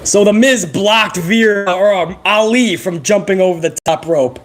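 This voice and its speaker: A man giving live, profane play-by-play reaction to a wrestling broadcast, excitable and joking. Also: sits high, measured pace, slight background noise. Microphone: headset.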